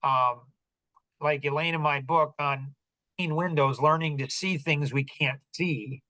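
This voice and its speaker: Bright-voiced man, rambling coaching talk. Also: on the high side, unhurried, no room sound, poor audio. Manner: loose and wandering, with many fillers and restarts. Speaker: coach hosting a group call. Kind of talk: rambling casual teaching.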